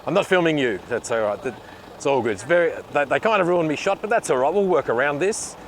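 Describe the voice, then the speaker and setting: A man's voice: fairly high pitch, animated, fast, slight background noise. Chatty Australian man vlogging. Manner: chatty, rambling, says thank you a lot. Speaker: vlogger host. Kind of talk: casual walk-and-talk vlog. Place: bakery and city street, indoors and outdoors. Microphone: handheld camera filming himself.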